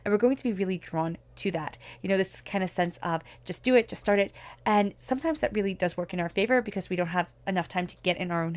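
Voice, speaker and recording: A woman giving a spoken tarot reading, talking in an earnest, reflective way as she offers spiritual guidance. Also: fairly low pitch. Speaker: tarot reader.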